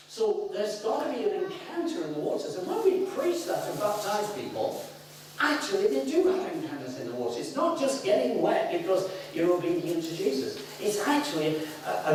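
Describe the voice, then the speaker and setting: Brief: middle-aged Northern English male preacher, animated and playful, somewhat high voice, recorded from afar in a very echoey hall. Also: slight background noise. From north of England. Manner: animated, playful, whoops and jokes with the congregation. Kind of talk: sermon. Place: church hall. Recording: very echoey hall, picked up from a distance.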